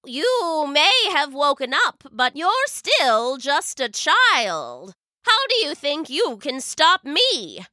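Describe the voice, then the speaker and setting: A spiteful winter witch, as a woman plays her, shrieks and taunts in a shrill, high voice. Her pitch leaps about sharply, with a bright, cutting edge. A storybook tale recorded dry and close. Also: huge pitch swings, slow pace, dry recording, full character voice.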